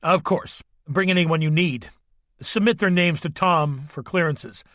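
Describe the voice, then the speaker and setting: A man reading a grave, authoritative male president in an audiobook, measured and somber. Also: a little high, a bit bright, dry recording, studio quality.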